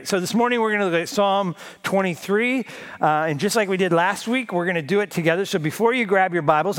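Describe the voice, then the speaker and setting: A man's voice: fairly high pitch, fairly bright tone. A male pastor giving a conversational sermon with a self-deprecating sense of humor.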